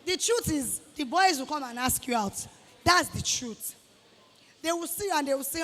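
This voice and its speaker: High-voiced Nigerian woman scolding students. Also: normal speed, long reverb tail. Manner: animated, scolding, acts out quoted voices. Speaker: guest speaker to students. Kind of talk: motivational talk. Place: hall with students.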